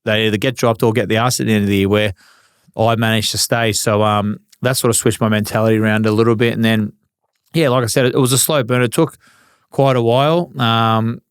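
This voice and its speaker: Laid-back Australian man with a smooth voice. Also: fairly low pitch, fairly even intonation, brisk, dry recording, studio quality. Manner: laid-back, swears freely, acts out old arguments. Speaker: guest, former footballer. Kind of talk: casual storytelling interview.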